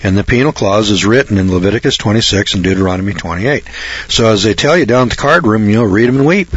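Blunt, folksy male preacher; husky, somewhat low, dry close sound. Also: lively intonation, fast talker, no echo. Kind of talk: folksy Bible sermon. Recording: dull lo-fi recording.

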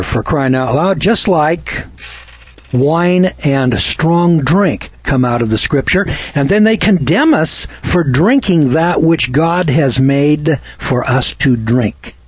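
An American man delivering an opinionated monologue, speaking slowly and deliberately, spelling out words and citing scripture references like a preacher. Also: fairly high pitch, lively intonation, breathy edge, highs cut off. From United States. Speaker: commentator.

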